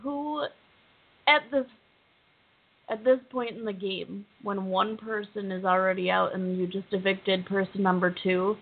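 Slow, gravelly woman, blunt co-host. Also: mid-range voice, steady tone. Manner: blunt, dismissive. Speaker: podcast co-host. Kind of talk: casual chat recapping a reality show. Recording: tinny phone-like line.

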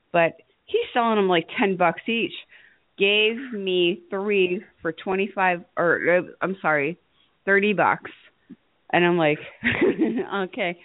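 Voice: mid-range voice, dry recording. Chatty caller on a dry, tinny line. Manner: chatty, laughing. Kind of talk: casual chat on internet radio. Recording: dry, tinny call-in audio.

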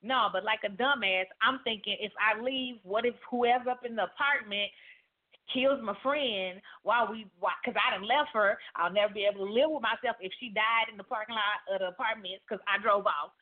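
A woman's voice: mid-range voice, brisk. A woman hosting a casual podcast, telling a story animatedly and acting out the other people's voices. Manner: animated, acts out quoted voices. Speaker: podcast host. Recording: phone-like narrow sound.

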